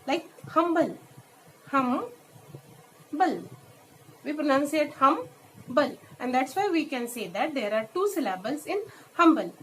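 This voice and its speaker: A woman teacher with an Indian English accent, giving a classroom lesson in English and Hindi, explaining step by step and repeating each example word slowly. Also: high-pitched, expressive, a little hiss or hum, poor audio. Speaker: school teacher. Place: school.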